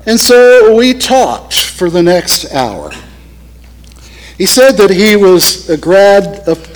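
A male pastor telling a story in a sermon, earnest and slowing down for emphasis. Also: high voice, poor audio.

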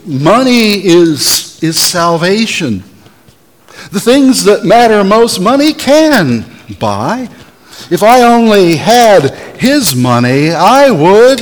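A man preaching a sermon as a pastor, telling stories in a deliberate way and having the congregation answer back. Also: fairly high pitch, long reverb tail, low-quality recording. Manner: deliberate, storytelling preacher who has the audience answer back.

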